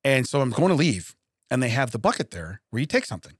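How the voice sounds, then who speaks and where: A man's voice: medium pitch, big pitch swings, fast, slightly rough, no echo, studio quality. A man co-hosting a podcast, telling funny anecdotes in a casual chat, laughing often and acting out the voices of others. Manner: laughs often, acts out quoted dialogue. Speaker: podcast co-host.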